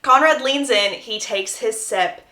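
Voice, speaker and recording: Higher-voiced woman gushing through a recap. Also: a little slow, roomy sound. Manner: animated, gushing storyteller who breaks off to give opinions. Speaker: book recap creator. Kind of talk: chatty book plot recap.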